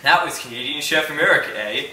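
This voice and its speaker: A man's voice: on the high side, expressive, quick pace, bright, forceful tone. A man playing a goofy TV chef who says "eh". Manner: tags nearly every line with "eh". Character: goofy male Canadian TV chef. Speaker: cooking show co-host. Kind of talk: spoof cooking show comedy. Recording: echoey room, faint noise.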